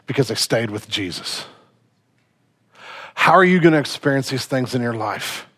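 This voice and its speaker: A man's voice: medium pitch, fairly bright tone. A man preaching a sermon as a pastor, casual and conversational with slangy asides.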